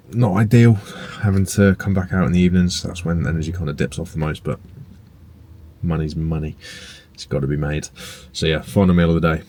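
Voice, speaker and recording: Here a laid-back young bodybuilding vlogger and personal trainer speaks in a deep, flat voice, with a faint hiss or hum in the background. It's a casual vlog chat to camera, recorded indoors at home and in a parked car. He wanders relaxedly from point to point, using plenty of fillers and swearing mildly.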